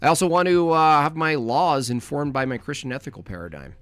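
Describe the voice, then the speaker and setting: A man's voice: a little high, lively intonation, a little fast, a bit bright, smooth, no room sound. A man hosting a comedic livestream, ranting bluntly and repeating his points for emphasis. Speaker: comedic streamer host. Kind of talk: casual comedic livestream rant.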